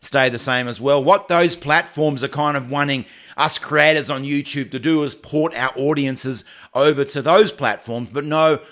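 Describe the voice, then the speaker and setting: An Australian man hosting a casual livestream, chatting and answering viewer comments in a halting way, often restarting and repeating phrases. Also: medium pitch, fairly bright tone. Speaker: livestream host.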